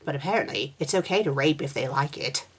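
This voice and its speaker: A woman's voice: low voice, fast talker, breathy edge. A woman reviewer reading fan fiction aloud, breaking in with sarcastic, exasperated comments.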